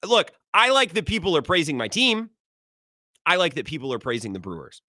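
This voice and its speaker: A man's voice: on the high side, wildly swooping pitch, fairly quick, bright, forceful tone, dry recording, clean studio sound. A man hosting a sports radio show, arguing his opinions and often stumbling over and repeating his words. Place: radio studio.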